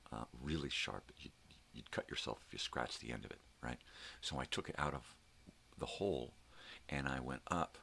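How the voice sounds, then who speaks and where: Very deep gravelly profane ranting man. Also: sharp tone, slight background noise. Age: middle-aged. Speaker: vlogger host. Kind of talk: casual morning rant.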